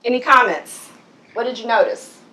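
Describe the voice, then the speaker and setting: Bright and forceful, with a fairly high pitch and moderate pace, a woman coaches a corporate group on voice in an office training room. She asks them questions and laughs often, though the audio is poor.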